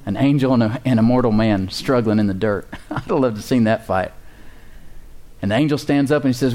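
A man's voice: mid-range voice, quick pace, a little mellow. Male pastor, sermon delivery, call-and-response, chuckling.

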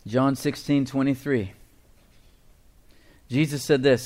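A middle-aged pastor preaching a sermon, leading his congregation in call-and-response and reading scripture slowly with emphasis, chuckling between points. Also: medium pitch, darkish tone.

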